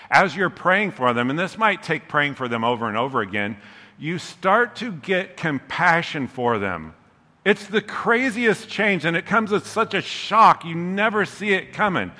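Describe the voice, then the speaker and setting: Bright-voiced joking preacher in a hall. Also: male voice, high-pitched. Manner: humorous, conversational, often checks in with "okay?". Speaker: pastor. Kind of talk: sermon. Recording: long reverb of a large hall.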